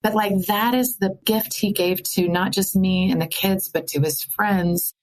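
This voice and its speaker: A middle-aged woman from the American Midwest, candidly telling a personal story of grief, animated and laughing through sadness. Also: mid-range voice, unhurried. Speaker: podcast guest.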